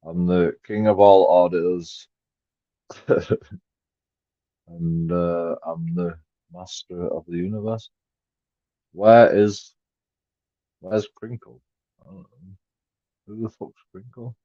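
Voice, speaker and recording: A man, rambling profanely on a live stream and swinging between mumbled asides and loud outbursts. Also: deep voice, steady tone, slow pace, long pauses, no echo. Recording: dry, dull lo-fi sound.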